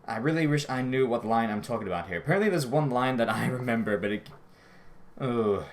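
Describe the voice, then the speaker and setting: A man giving a casual, rambling episode review, often correcting himself and apologizing, his voice jumping high when he gets out of breath. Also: expressive, brisk. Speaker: show reviewer.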